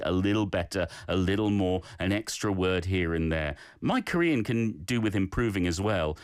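A man's voice: fairly low pitch, no echo, studio quality. A man hosting a radio language segment, encouraging and playful as he gives feedback to listeners. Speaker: radio host.

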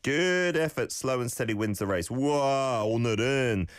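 A man's voice: medium pitch, very animated, normal speed, a bit bright, no room sound. A man hosting a radio language lesson, coaching listeners on their pronunciation with friendly feedback. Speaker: radio host teaching Korean.

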